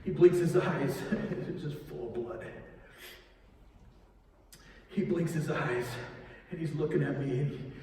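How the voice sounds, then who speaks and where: A man plays a weathered cross builder haunted by guilt, speaking in halting bursts with nervous restarts. His voice sits fairly high for a man. It carries from far off through a big, ringing church hall. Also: darkish tone, slight background noise. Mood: tense. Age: older. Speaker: church drama performer. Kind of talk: first-person dramatic monologue. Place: large echoey church sanctuary.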